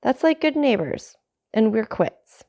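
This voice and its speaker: A woman's voice: a little high, sing-song, measured pace, warm tone, pitched above the performer's own voice. Caderousse, a woman voicing a greedy fawning tailor. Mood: ingratiating. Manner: hearty, ingratiating. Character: greedy fawning male tailor, mid-twenties.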